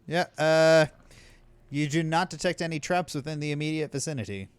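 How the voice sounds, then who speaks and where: A man's voice: fairly high pitch, fairly even intonation, normal speed, smooth, no echo. A man running a tabletop game as game master, laid-back and hesitant, with many fillers. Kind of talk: narrating a tabletop game over voice chat.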